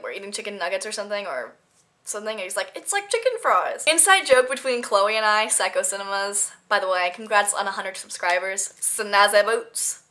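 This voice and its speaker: A woman's voice: mid-range voice, pushed and bright. A teenage girl talking casually to her camera in an unscripted vlog, rambling through funny stories and giggling now and then. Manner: chatty, giggly, rambling storytelling. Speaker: vlogger.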